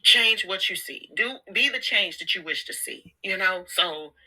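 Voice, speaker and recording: A woman's voice: mid-range voice, expressive, a little slow, pushed and bright, poor audio. A woman vlogging a casual motivational talk, candid and slangy, laughing often and repeating words. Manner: slangy, informal. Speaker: self-help vlogger.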